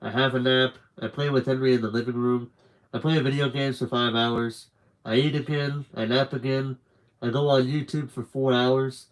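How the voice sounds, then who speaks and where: A man reading a novel aloud in a live stream, in an earnest, plain and steady first-person narration. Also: mid-range voice, moderate pace, poor audio. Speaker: book reader.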